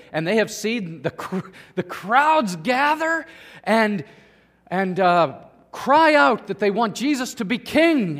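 A male pastor delivering a sermon with animated storytelling, speaking to the children and the congregation. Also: high-pitched, in a large hall.

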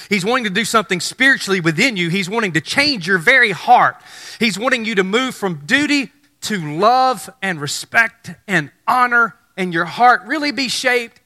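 A man preaching a sermon, animated and acting out biblical dialogue in excited voices. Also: high voice. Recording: long hall reverb.

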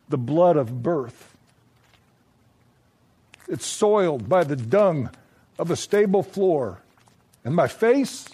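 A man voicing a lonely, frightened teenage girl who pleads in a soft, breaking voice. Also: high-pitched, husky, exaggerated voice.

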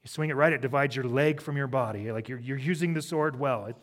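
A man's voice: medium pitch, fast talker. A middle-aged man preaching a sermon, conversational, with humorous asides. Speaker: pastor.

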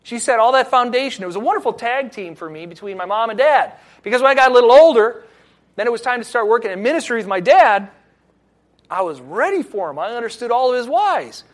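High-voiced earnest man preaching. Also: expressive, fast. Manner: earnest, reflective storytelling. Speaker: pastor. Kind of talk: sermon.

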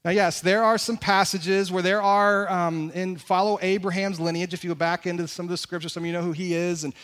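A man's voice: high voice, steady tone, a little fast, fairly bright tone. A man preaching a conversational sermon as pastor, with emphatic repetition and rhetorical questions. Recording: long hall reverb.

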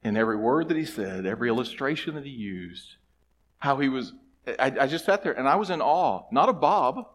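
A middle-aged male pastor telling a story in a church sermon, shifting between hushed asides and loud, emphatic lines. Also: mid-range voice, expressive, a little fast. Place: church sanctuary.

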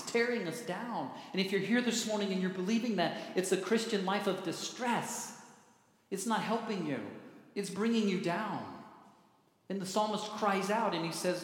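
Male pastor, slightly high voice, emphatic sermon delivery, heavy hall reverb. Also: moderate pace. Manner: emphatic preaching, voice dropping low at phrase ends.

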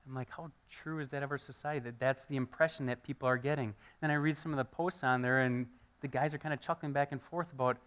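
A man's voice: mid-range voice, fast talker, hardly any pauses. A pastor, preaching a conversational sermon and acting out everyday moments in his own voice. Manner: animated storytelling, acts out quoted voices.

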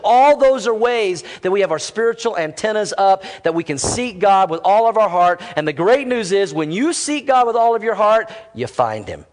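A middle-aged man preaching a sermon to his church, lively and conversational with quick casual asides. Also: high voice, long reverb tail. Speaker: pastor.

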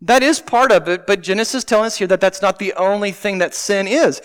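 A man's voice: high voice, fairly quick, a bit bright, clean tone. A man preaching a sermon in a church sanctuary, conversational and often asking the congregation questions. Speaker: pastor. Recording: long reverb of a large hall.

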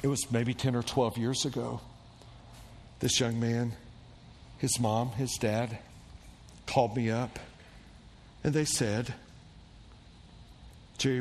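Man preaching in a reverberant church. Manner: animated storyteller, acting out quoted voices with big pitch jumps. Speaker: pastor. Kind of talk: sermon storytelling. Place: church sanctuary. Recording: long church reverb with faint room noise.

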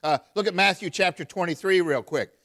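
A man preaching emphatically, reading verses aloud and calling out to his listeners. His voice sits a little high for a man. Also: a little fast, a bit bright. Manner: emphatic, calls out to the congregation; reads scripture aloud in King James wording. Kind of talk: sermon.

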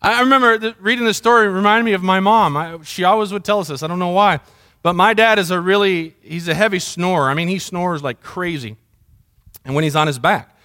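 Middle-aged man, pastor, sermon delivery with a high-set voice, chatty and story-driven. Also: a little fast, sharp tone. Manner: conversational storytelling, mimics sounds.

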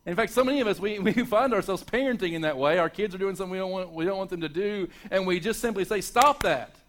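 A male pastor delivering a Sunday morning sermon, rising to loud emphatic peaks and dropping to hushed, quiet passages. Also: high voice, fast. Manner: dynamic preaching, swinging from loud to hushed.

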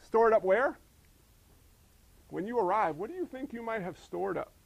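A male pastor preaching a sermon, full of rhetorical questions and swinging between emphatic and hushed delivery. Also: sits high, expressive, moderate pace, gravelly, low-quality recording.

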